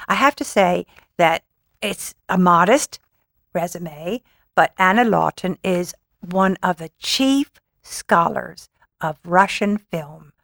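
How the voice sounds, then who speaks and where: Woman, interview host, formal, admiring, low-ish voice, dry room. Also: a bit bright, dry recording.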